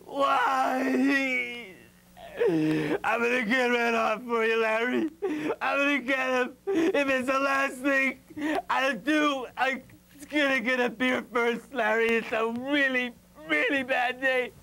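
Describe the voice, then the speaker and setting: A man putting on a high, thin voice for a jittery addict in a comedy skit. The addict drags out every word, crackles with vocal fry and trips over false starts. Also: fairly even intonation, unhurried, pushed and bright, exaggerated voice. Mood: distraught. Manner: stammering and hesitant. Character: nervous, awkward addict fussing over a friend.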